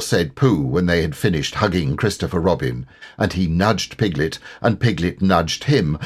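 A man narrating a children's storybook audiobook in a slow, expressive way. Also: husky. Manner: slow, expressive, lively pitch.

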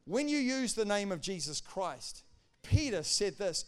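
A male pastor preaching a sermon, animated, acting out quotes and swinging between loud declarations and hushed asides. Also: sits high, a little slow, clear, resonant tone.

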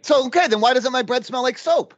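A man's voice: very high-pitched, a little fast, muffled recording. A man making a prank call, rambling and arguing in an overwrought way. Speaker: prank caller.

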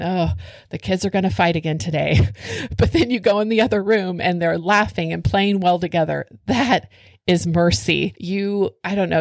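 A woman's voice: lowish voice, no room sound, clean studio sound. A middle-aged woman co-hosting a faith podcast, talking earnestly and telling stories with laughs. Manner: earnest, animated storytelling with laughs. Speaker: podcast co-host.

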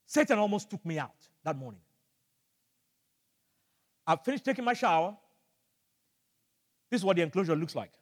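Animated older preacher, high-pitched, echoey. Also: male voice, normal speed, pauses often. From Nigeria. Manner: animated storytelling, shouting at dramatic moments. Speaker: pastor. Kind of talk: sermon. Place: church hall.

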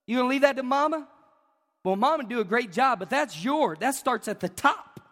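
A pastor preaches with fire, his unusually high voice climbing to shouts before dropping into easy, joking asides. The sound rings with the long reverb of a church sanctuary. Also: expressive, normal speed. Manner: fervent, shouting at peaks, conversational asides. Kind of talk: sermon.

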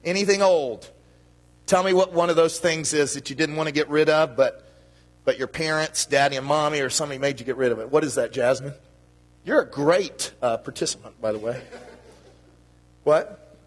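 A man's voice: fairly high pitch, normal speed, pauses often. A man giving a children's sermon in a church, talking to the kids in a playful, friendly way. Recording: long reverb of a church hall.

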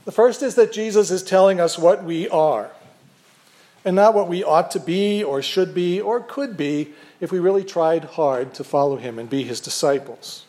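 An older man, a pastor, preaching a sermon in a measured, earnest way with gentle humor. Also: high voice.

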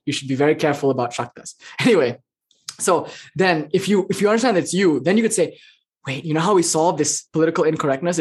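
A spiritual teacher lecturing informally, chanting in between and explaining with an animated, irreverent, joking delivery. The voice is husky and sits at a middle pitch. Casual swearing and playful asides run through the talk. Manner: animated and expressive.

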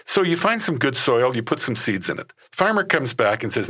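A man's voice: mid-range voice, a little fast, breathy edge. A man who leads a ministry, explaining his work in an interview and acting out the conversations he has. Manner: acts out conversations, animated storyteller. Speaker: ministry leader.

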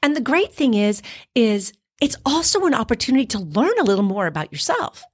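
A woman's voice: a little high, brisk, breathy edge. A middle-aged woman from Canada, an actor, chatting casually on a podcast and acting out the things she says to herself as she tells a story. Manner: animated storyteller, acts out quoted inner dialogue.

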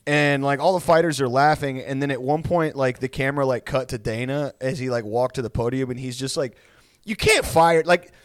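A man's voice: medium pitch, steady tone, a little fast, few pauses, no echo. A man hosting a podcast in casual chat, rambling storytelling with lots of swearing and restarts. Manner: rambling, profane, many restarts. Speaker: podcast host.

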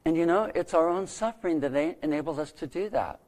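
A middle-aged man preaching a sermon, telling a story earnestly with dramatic pauses. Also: a little high, darkish tone. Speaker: pastor.

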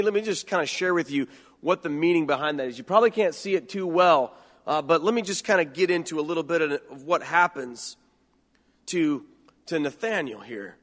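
A man delivers a sermon in a fairly high voice, speaking earnestly and conversationally. He often doubles back and repeats words mid-thought. A long reverb trails his voice through the hall. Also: fairly bright tone. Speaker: preacher.

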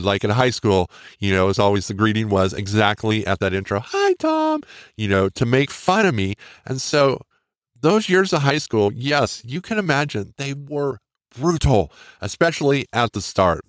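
A man's voice: lowish voice, no room sound, clean studio sound. A middle-aged man hosting a podcast, telling a personal story frankly and with self-mocking jokes. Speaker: podcast host. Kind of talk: casual storytelling.

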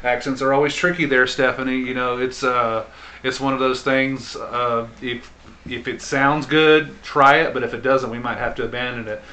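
Bright-voiced male podcast host. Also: mid-range voice, fairly even intonation, normal speed, poor audio. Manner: easygoing, affirming. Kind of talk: casual interview chat.

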